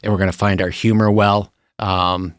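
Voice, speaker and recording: A man's voice: deep voice, moderate pace, no echo, studio quality. A middle-aged man hosting a podcast, talking casually and telling stories with emphasis. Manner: animated, emphatic storyteller. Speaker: podcast host. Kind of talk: casual chat.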